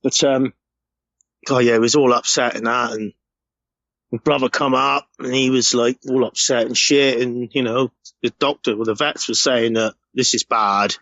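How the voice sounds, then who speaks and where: A man's voice: medium pitch, fairly even intonation, normal speed, fairly bright tone, no echo, muffled recording. A middle-aged man from the UK telling a rambling, emotional story in a casual recorded message, swearing freely. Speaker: podcast segment contributor.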